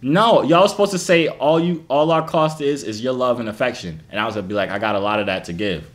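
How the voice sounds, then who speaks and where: A man's voice: mid-range voice, fast. A man hosting random video chats, teasing and joking with the strangers he meets. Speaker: video chat host. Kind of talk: casual video chat banter. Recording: noisy video chat audio.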